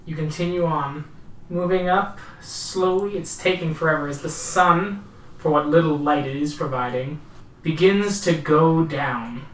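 A man's voice: a little high, slight background noise. Man, tabletop storyteller, atmospheric narration, echoey room, faint ambience. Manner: slow, atmospheric scene-setting. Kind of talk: narrating a tabletop horror game. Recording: roomy, distant mic.

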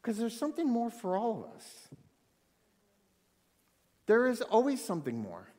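A man preaching a sermon, animated, swinging between loud excitement and hushed intensity. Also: very high-pitched, a little slow. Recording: long hall reverb.

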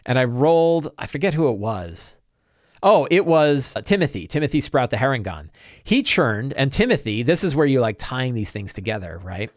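A man in a mid range recaps his tabletop campaign casually. He rambles and keeps adding quick asides. The recording is dry and close, with no room sound. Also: medium pitch, no room sound. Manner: rambling storytelling with many asides and "right?". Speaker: podcast host and game master.

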